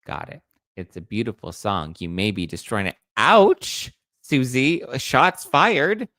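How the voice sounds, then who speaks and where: A man's voice: deep voice, animated, moderate pace, fairly bright tone, no room sound. A man hosting a casual pop-culture gossip show, snarky and chatty, acting out quotes in mocking voices. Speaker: entertainment news host.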